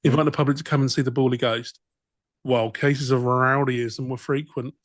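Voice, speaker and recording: A man's voice: mid-range voice, steady tone, fairly quick, no echo. A man co-hosting a comedy podcast, reading passages aloud and breaking off for wry, dry comments. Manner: dry, wry, reads in bursts then riffs. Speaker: podcast co-host. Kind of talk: reading a document aloud with comic asides.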